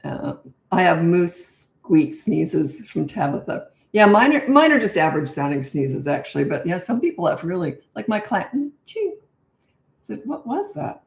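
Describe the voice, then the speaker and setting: An older woman runs a live parenting Q&A in a blunt, chatty way and answers viewer questions in plain, no-nonsense terms. Her voice sits a little low. The room around her sounds echoey. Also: animated, moderate pace, vocal fry. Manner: chatty and blunt, laughs at her own stories. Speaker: parenting coach.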